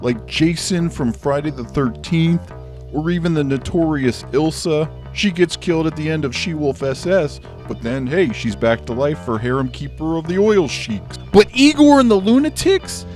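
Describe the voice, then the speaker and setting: A man's voice: a little high, normal speed, darkish tone, faint music behind. A man hosting a comedic review show, ranting about movies in a sarcastic, grumbling way. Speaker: host.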